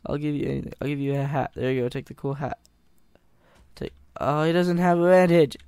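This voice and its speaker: A man's voice: fairly high pitch, fairly quick, a little mellow, clear, resonant tone, no echo, clean studio sound. A man giving gameplay commentary, panicking, pleading and swearing, laughing at himself. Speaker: gamer.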